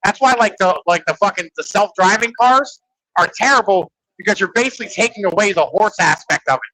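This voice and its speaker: A man with a high, bright voice talking in loose podcast banter, packed with swearing and "like" fillers. The sound is dry and close, with no room in it. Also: brisk, no room sound, rough recording. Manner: rambling, profane, filler-heavy ("like", "right?"). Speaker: podcast host. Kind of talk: casual podcast chat.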